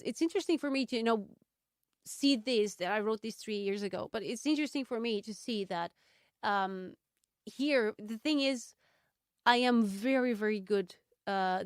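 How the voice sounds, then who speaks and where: A woman hosting a solo podcast, reflecting candidly and thoughtfully, with frequent ums and pauses. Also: mid-range voice, clean tone, dry recording, clean studio sound. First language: Portuguese. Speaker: podcast host.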